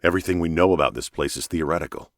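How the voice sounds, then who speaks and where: A man voicing a calm male expedition captain who gives firm, commanding orders, in an audiobook. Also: extremely low pitch, very fast, no room sound, studio quality. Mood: steady. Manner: firm, commanding radio calls. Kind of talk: audiobook character voice.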